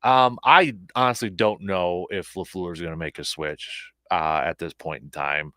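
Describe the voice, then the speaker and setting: A man hosting a relaxed sports talk show in a fairly low voice. He rambles, hesitates and restarts as he thinks aloud. The recording is dry and close. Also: moderate pace, no room sound. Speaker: host. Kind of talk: casual sports chat.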